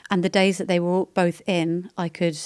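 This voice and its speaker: A woman's voice: fairly low pitch, flat delivery, normal speed, darkish tone, clear, resonant tone, no echo. A British woman in her thirties, a podcast guest, talking candidly in a chatty, rambling way that often interrupts itself. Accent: British English. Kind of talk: candid casual chat.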